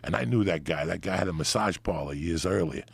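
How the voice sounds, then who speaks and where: A man's voice: deep voice, a little fast, gravelly, breathy edge, no echo. A middle-aged man, telling a crude comic story on a podcast in a profane, rambling way. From New Jersey. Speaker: podcast guest.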